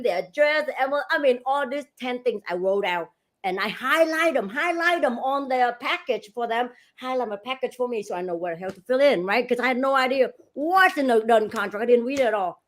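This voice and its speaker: A middle-aged woman who works as a real estate agent tells a story during an interview, her voice high-pitched and her pace moderate. She's animated, acting out the dialogue and laughing as she goes.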